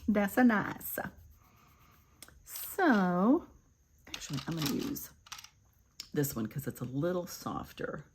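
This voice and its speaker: An older woman giving a chatty makeup tutorial, calling her viewers "kids" and sometimes dropping to a soft murmur. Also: on the low side, very animated, takes it slowly, pauses often, breathy edge. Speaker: beauty vlogger.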